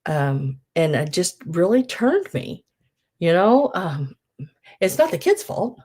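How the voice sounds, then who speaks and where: A woman's voice: fairly low pitch, big pitch swings, slow pace, a little mellow, breathy edge. A middle-aged woman, chatting casually on a live sale stream, gushing and trailing off with ums.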